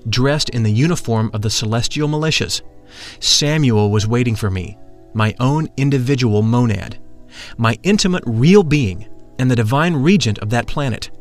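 A man narrating a script in a measured, solemn voice, at an ordinary mid pitch. Faint music plays quietly behind him.

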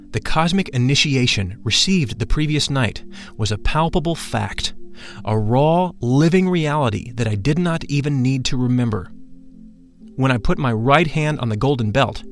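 A man narrating a spiritual memoir in the first person, measured and solemn. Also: medium pitch. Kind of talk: audiobook narration.

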